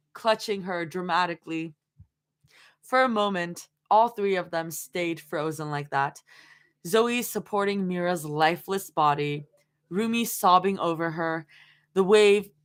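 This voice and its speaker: This livestreamer reads fan fiction aloud in a smooth, somewhat low voice, taking it a little slowly. Between lines she keeps stopping to giggle and talk with viewers about the story.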